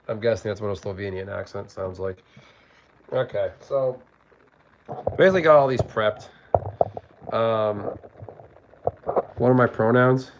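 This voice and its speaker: Man hosting a casual kitchen stream: gravelly voice, chatty and rambling, dull lo-fi phone audio. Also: mid-range voice, slight background noise. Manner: rambling, chatty, reads out chat. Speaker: livestream host. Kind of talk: casual cooking livestream. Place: home kitchen.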